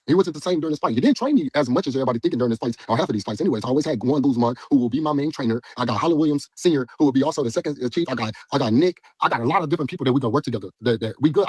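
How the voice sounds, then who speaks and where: Husky man venting at rapid speed. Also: mid-range voice, dry recording. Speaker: boxer. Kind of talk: interview clip.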